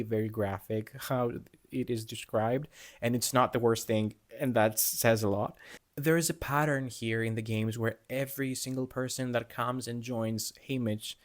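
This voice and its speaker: A man with an ordinary mid-range voice chats casually through a book review. He is animated and laughs often as he wanders into side remarks. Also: medium pitch. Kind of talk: casual book talk vlog.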